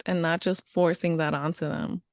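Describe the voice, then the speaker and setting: A woman's voice: on the low side, flat delivery, normal speed, dry recording, studio quality. A woman co-hosting a parenting podcast in a casual chat, talking reflectively and laughing easily. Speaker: podcast co-host.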